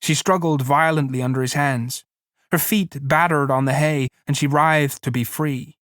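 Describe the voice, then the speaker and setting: A man narrating a novella in a measured, plain storytelling reading. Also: on the high side, fairly even intonation, fairly bright tone, no echo, studio quality. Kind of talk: audiobook reading.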